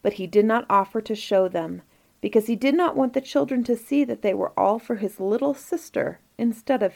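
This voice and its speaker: Woman, storybook narration, gentle, measured. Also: a little high, vocal fry.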